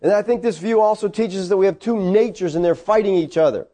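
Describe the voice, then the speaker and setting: A man preaching a sermon, teaching from the Bible with emphatic, animated delivery. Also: high-pitched, fairly quick.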